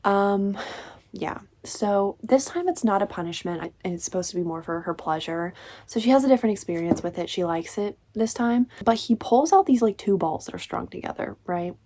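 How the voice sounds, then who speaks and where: A woman at an ordinary middle pitch talks through a book review in a loose, chatty rant. She sounds exasperated and fills her sentences with "like" and "you know.". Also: expressive, brisk, warm tone. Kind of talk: casual ranting review.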